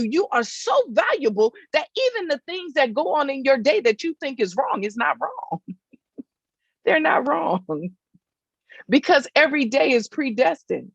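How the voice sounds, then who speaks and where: A woman's voice: high voice, big pitch swings, measured pace, vocal fry, no echo, dull audio. A woman giving a faith-based motivational talk outdoors, emphatic and repetitive, often checking in with her listeners. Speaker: motivational speaker. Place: outdoors in hot weather.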